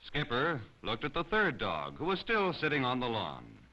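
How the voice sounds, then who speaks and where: A man narrating a children's storybook in an expressive, animated way. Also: mid-range voice, moderate pace. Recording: slightly dull lo-fi recording.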